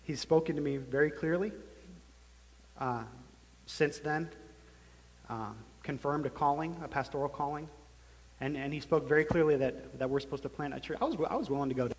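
A man in his thirties giving a personal testimony sermon as a church planter, telling his story earnestly and haltingly. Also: on the high side. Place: large meeting room. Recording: long hall reverb.

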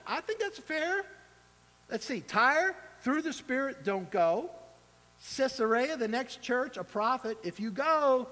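Animated high-voiced male preacher in a hall. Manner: animated, acts out quoted voices. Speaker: pastor. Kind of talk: sermon. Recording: long hall reverb.

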